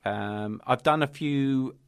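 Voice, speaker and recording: Male podcast co-host, low gravelly voice, hesitant earnest delivery, dry sound. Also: slow pace, dry recording. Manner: hesitant, lots of ums, earnest. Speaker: podcast co-host and children's author. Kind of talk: casual podcast chat.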